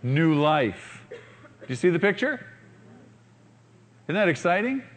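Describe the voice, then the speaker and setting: A male pastor preaches in a fairly high voice, telling the story energetically and acting out the characters' lines. He speaks slowly with big pitch swings, repeatedly drawing in the congregation with rhetorical questions.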